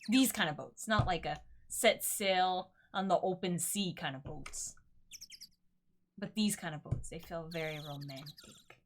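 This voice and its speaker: A woman's voice: on the low side, measured pace, a little hiss or hum. A young woman streamer chatting playfully and thinking aloud as she plays a story game. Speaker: gaming streamer. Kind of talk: casual let's play commentary.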